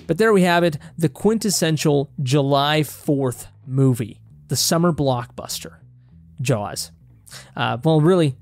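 A young man hosting a casual film analysis vlog, talking in an animated, rambling way and swearing casually. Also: medium pitch, gravelly, no room sound. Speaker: film reaction host.

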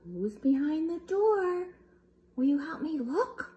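A woman with a high, bouncy voice that swoops up and down reads a picture book aloud for little children. She takes her time and plays with the animal noises. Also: very animated, takes it slowly, mellow. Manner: playful, makes animal sounds. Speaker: storybook reader.

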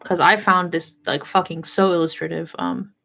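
A woman's voice: fairly low pitch, flat delivery, moderate pace, gravelly, pushed and bright, soft background music. Chatty woman, rambling book talk. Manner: chatty and rambling, heavy on filler words and swearing. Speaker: host of a book discussion channel. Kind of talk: casual livestream book discussion.

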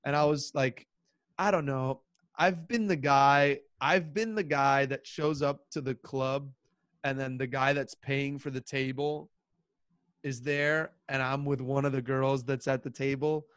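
A man's voice: medium pitch, steady tone, measured pace, fairly bright tone, clear, resonant tone, dry recording, studio quality. A young man in his twenties, a podcast guest, telling stories casually with laughter and self-mockery. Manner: laughing, self-mocking storytelling with acted-out voices. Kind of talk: casual chat.

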